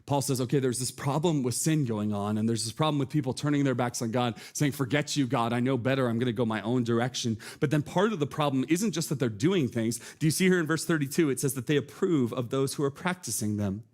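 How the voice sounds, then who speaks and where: A man's voice: mid-range voice, expressive, quick pace, hardly any pauses, darkish tone. A man preaching a sermon from a church stage, earnest and conversational, asking the congregation questions. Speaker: pastor.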